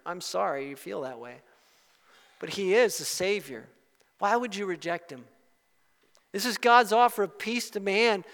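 A man preaching a sermon as pastor, impassioned and rising to loud peaks before dropping back to a closing prayer. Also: high voice, in a large hall.

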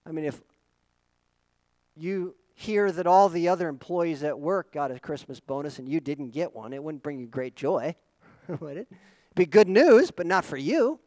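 High-voiced pastor preaching with big swings. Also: male voice, expressive, normal speed, no room sound, poor audio. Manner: dynamic preaching with rhetorical questions, swinging from loud emphasis to quiet asides. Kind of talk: sermon.

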